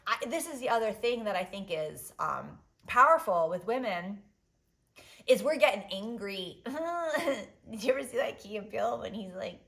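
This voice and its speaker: A woman in her thirties hosting a solo podcast in casual chat, animated and blunt, swinging between loud outbursts and quiet asides, with lots of "like" and "um". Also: mid-range voice, normal speed, gravelly. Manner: swears freely, fillers like "like" and "um". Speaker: podcast host.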